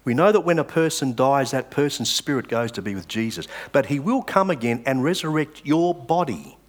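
A male pastor preaching a sermon, reading scripture with dramatic pauses and stressed words. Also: mid-range voice, lively intonation.

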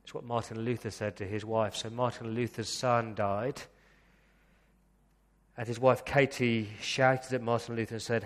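A man preaching a sermon as pastor, earnest, slowing down to read scripture passages aloud. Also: medium pitch, level tone, long reverb tail. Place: church.

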